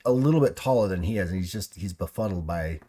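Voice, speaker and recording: A man's voice: low-pitched, animated, fast, warm tone. A man narrating a tabletop game as game master, rambling with many fillers and restarts.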